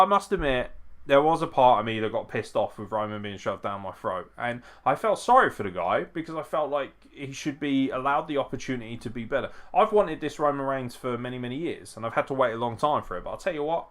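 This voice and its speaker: A man's voice: medium pitch, a bit bright. A man hosting a live watch-along, reacting casually and profanely, often chuckling as he comments. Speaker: wrestling show host.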